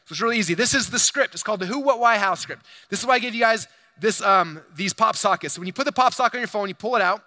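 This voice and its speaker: A man giving an energetic seminar talk to a large audience, animated and boastful as he speaks straight to the crowd. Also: sits high, fast talker, dry recording. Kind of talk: energetic stage presentation.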